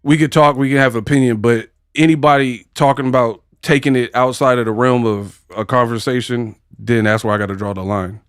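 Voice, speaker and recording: A man hosting a casual live stream, chatting with viewers in animated, slangy banter and often breaking into laughter. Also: medium pitch, fairly quick, hardly any pauses, clean tone, no room sound, clean studio sound. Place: home set under hot lights.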